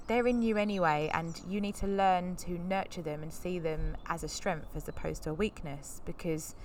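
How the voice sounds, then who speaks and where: A woman, hosting a podcast and candidly telling a personal story in a rambling way, bursting into lively quoted dialogue. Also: fairly low pitch, slight background noise. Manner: candid, rambling, animated when quoting others. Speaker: podcast host.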